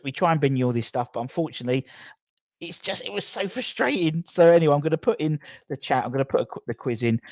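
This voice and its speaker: A man's voice: mid-range voice, a little mellow, dry recording. A man hosting a casual live stream, apologising again and again in a rambling way with many restarts. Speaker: host.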